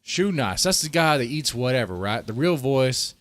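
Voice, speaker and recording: A man's voice: mid-range voice, big pitch swings, moderate pace, fairly bright tone, no echo. A man in his thirties live-streaming, chatting loosely and joking in an exaggerated put-on Southern drawl. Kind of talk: casual live-stream chat.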